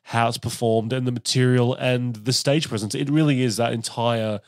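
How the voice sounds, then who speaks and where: A man's voice: medium pitch, fairly even intonation, moderate pace, dry recording, studio quality. A man hosting a casual comedy podcast interview, talking animatedly and often breaking into impressions.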